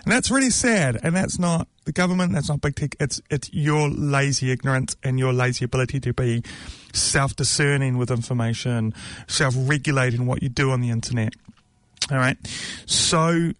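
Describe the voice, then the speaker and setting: A man's voice: mid-range voice, normal speed, dry recording. Blunt ranting man, dry close sound. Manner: blunt, ranting, many restarts and fillers. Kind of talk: casual opinion monologue.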